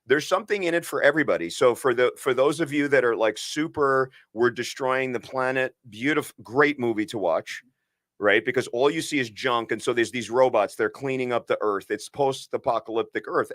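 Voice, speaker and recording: An earnest man talks on a podcast at a middle pitch, leaning hard into his points and often breaking off to start again. The recording is dry and close, with no room sound. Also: brisk, a bit bright, no echo. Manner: earnest and emphatic, with many restarts and asides. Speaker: podcast co-host and physician. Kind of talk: impassioned podcast conversation.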